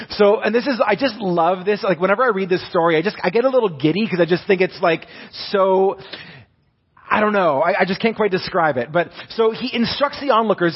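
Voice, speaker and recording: A young male pastor preaches in a relaxed, storytelling way. He restarts phrases often and leans hard on key words. His voice sits a little high, and the recording sounds dull and lo-fi. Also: fairly quick, slightly rough. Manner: conversational storytelling, many restarts, stress on words. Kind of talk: sermon.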